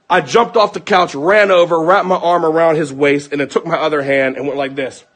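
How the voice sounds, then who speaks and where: Husky-voiced young man ranting heatedly. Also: a little high, fairly bright tone. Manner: heated and profane, with rapid bursts. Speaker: streamer venting to his viewers. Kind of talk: angry unscripted rant.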